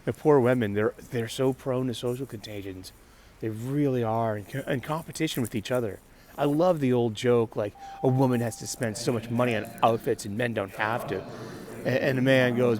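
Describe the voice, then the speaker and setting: A man's voice: mid-range voice, normal speed, darkish tone. A man hosting a casual solo talk show, rambling with frequent restarts and laughter. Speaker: podcast host.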